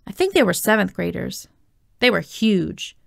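A woman voicing a calm, bold boy who talks in a laid-back, slangy way. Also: mid-range voice, moderate pace, creaky, no echo, clean studio sound. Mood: boyish swagger.

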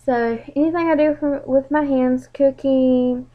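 A woman's voice: high voice, fairly even intonation, measured pace. A young woman, chatting casually and a bit rambling as she introduces her channel. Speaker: vlogger. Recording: dull lo-fi home recording.

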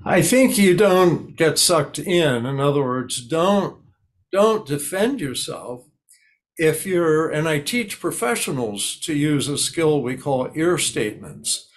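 Calm older man explaining patiently. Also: on the high side, slow pace. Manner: calm, explanatory, acts out sample dialogues. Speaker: guest expert on high-conflict people. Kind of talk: conversational interview.

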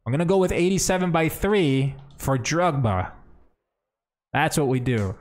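A young man streaming a game, chatting casually and thinking out loud as he plays. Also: a little high, animated, a little slow. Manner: chatty, thinks aloud, says bro and man. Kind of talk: casual livestream commentary.

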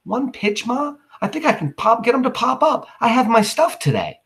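An excitable fourteen-year-old boy, as a man reads him aloud, in a high, bouncing voice. He calls his own imaginary ball game, loud and eager. His voice swings widely in pitch. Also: moderate pace, exaggerated voice. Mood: pleading. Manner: loud play-by-play announcing.

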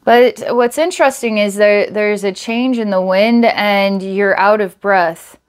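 A woman's voice: medium pitch, smooth. Hesitant woman giving a psychic reading. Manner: halting, searching, many fillers and repeats. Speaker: psychic reader.

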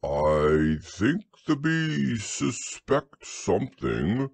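A man voicing a gentle, slow-thinking teddy bear in a bedtime audiobook, musing and earnest. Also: lowish voice, very animated, vocal fry, slightly rough, no room sound, full character voice. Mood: hushed.

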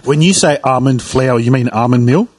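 A man co-hosting a podcast, telling a rambling story in halting speech and searching for words. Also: mid-range voice, a little mellow, slightly rough. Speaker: podcast co-host. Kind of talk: casual chat.

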